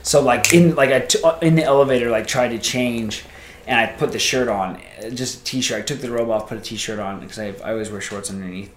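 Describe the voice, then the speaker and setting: A man telling a casual story as a podcast guest, rambling and animated, acting out the voices of people he quotes. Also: mid-range voice, brisk, roomy sound, a little hiss or hum.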